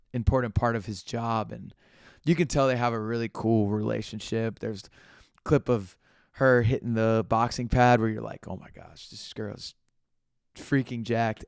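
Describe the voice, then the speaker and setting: Chatty low-voiced man, dry close sound. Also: a little mellow, clean tone, no room sound. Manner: chatty, rambling, self-correcting. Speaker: podcast host. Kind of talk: casual solo commentary.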